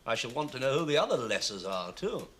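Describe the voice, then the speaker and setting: An actor playing an ironic, self-mocking middle-aged playwright in a 1970s British TV comedy, telling stories with theatrical flair. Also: male voice, mid-range voice, very animated, fast talker, fairly bright tone. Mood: wry. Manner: ironic, theatrical storytelling with laughs. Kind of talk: 1970s British TV sitcom acting. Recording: old TV sound with faint hiss.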